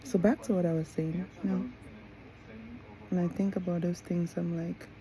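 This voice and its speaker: A woman's voice: fairly low pitch, flat delivery, moderate pace, crowd noise, rough recording. A woman, a mother, talking casually to camera in a rambling way, with many restarts and asides. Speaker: mother and vlogger.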